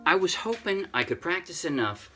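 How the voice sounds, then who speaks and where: An older man casually teaching a ukulele song, chatty and self-deprecating, thinking out loud with frequent restarts. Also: high voice, big pitch swings, normal speed, over loud music. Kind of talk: casual music tutorial. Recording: ukulele playing loudly throughout. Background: ukulele playing.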